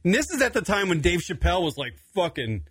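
A man's voice: sits high, fast talker, husky, dry recording. A young adult man hosting a radio talk show, telling a long story casually, swearing freely and laughing as he goes. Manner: animated, swearing often, laughing through the story.

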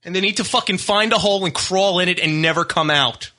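A man's voice: sits high, fast, sharp tone. A man hosting a radio show, ranting angrily with heavy swearing. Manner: angry ranting, profane. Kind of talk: casual radio banter.

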